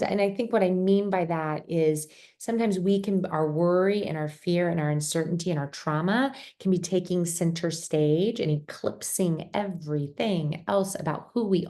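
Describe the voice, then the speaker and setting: A middle-aged woman giving a gentle, reflective explanatory talk, often restarting her phrases. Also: on the low side. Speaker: speaker on survivor mental health.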